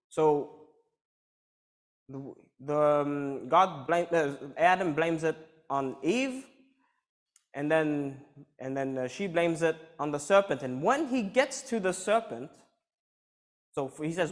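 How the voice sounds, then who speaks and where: A man's voice: a little high, expressive, a little slow. Man preaching a Bible sermon. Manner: explanatory, reads scripture then comments.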